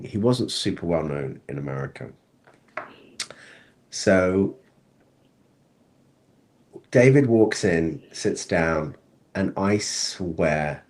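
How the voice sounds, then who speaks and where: Animated guy telling stories in an interview, lowish voice that jumps all over. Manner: animated storyteller who acts out other people. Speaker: film director, guest. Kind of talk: casual interview storytelling.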